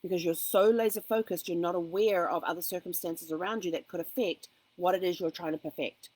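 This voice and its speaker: A woman's voice: lowish voice, steady tone, brisk, darkish tone, no echo, poor audio. A woman hosting a casual motivational talk, speaking in an earnest, encouraging way and weaving in personal asides. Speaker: host.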